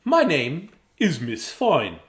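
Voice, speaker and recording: A man's voice: on the high side, huge pitch swings, slow, fairly bright tone, exaggerated voice. A man voicing a friendly female schoolteacher in a picture book read-aloud, with a sing-song, welcoming manner.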